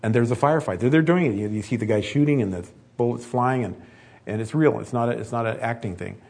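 A man delivering a sermon with a husky, slightly breathy voice. He talks to the congregation in an easy, conversational way, then pushes into loud, emphatic stretches. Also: mid-range voice, quick pace. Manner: conversational, building to emphatic peaks. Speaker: preacher.

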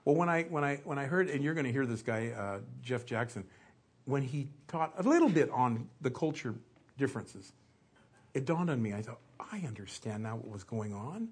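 A middle-aged man preaching, his voice a touch husky and breathy. He tells stories in a loose, conversational sermon style and acts out short asides along the way. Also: medium pitch, expressive, normal speed. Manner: conversational storytelling with acted-out asides.

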